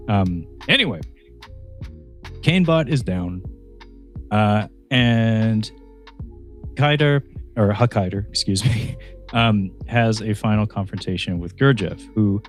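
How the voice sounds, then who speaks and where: Laughing man rambling through a film recap. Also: on the low side. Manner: laughs often, rambling with many restarts and fillers. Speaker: podcast co-host reviewing a film. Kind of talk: casual film review chat.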